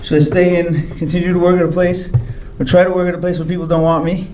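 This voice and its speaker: A man with a high, fairly flat, warm voice talks quickly as he gives grand rounds in a hospital lecture hall, telling his own story with candor and dry humor while acting out the people he quotes. The low-quality recording sounds roomy and carries slight background noise.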